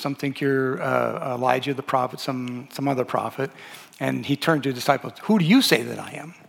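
A man's voice: medium pitch, creaky, a bit bright. A man teaching a Bible lesson, talking loosely with many fillers and restarts as he reads and explains. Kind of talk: lecture on a gospel. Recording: long hall reverb.

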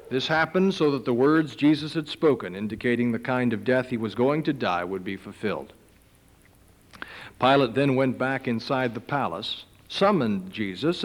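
Man reading scripture in a hall. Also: medium pitch. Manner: animated storytelling reading. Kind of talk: Bible reading with commentary. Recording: long hall reverb.

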